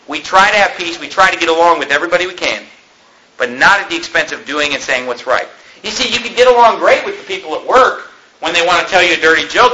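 A man preaching a sermon as pastor, emphatic and fervent, rising to shouts at points. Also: on the high side, low-quality recording.

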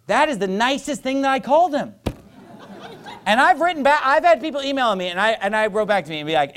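A man's voice: very high voice, animated, fast, fairly bright tone. A male pastor preaching a sermon in an emphatic, mocking style that builds to rising fervor.

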